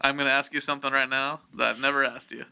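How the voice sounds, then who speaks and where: Brief: male podcast host, very bright and sharp tone, loose rambling delivery full of "uh" and "like". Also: medium pitch, level tone, fast talker, creaky, clear, resonant tone. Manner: rambling, goofy, many fillers and restarts. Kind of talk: casual chat.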